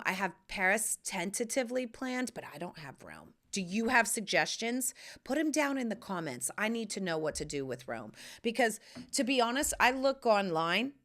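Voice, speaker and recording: Animated, foul-mouthed American woman host. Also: lowish voice. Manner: profane, animated, swings from hushed asides to loud exclamations. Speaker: podcast host. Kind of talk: casual monologue.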